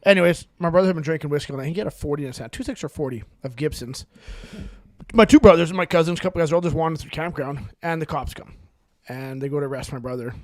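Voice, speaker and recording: A man's voice: fairly high pitch, rapid-fire, a little mellow, no room sound, clean studio sound. A man co-hosting a podcast, telling rambling stories in casual chat and laughing through them. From Canada. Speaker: podcast co-host.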